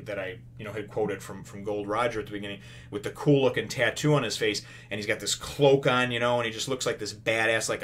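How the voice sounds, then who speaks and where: A man's voice: lowish voice, a bit bright. A man casually retelling a comic chapter, rambling with many fillers and quoting the characters in a raised voice. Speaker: comics reviewer.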